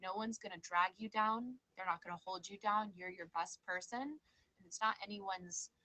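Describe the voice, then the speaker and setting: A woman's voice: medium pitch, moderate pace, pushed and bright, poor audio. A woman hosting a live tarot show, chatting casually and reassuring her guests, calling them babe and girl. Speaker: tarot reader and show host. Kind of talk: casual live-stream chat and tarot reading.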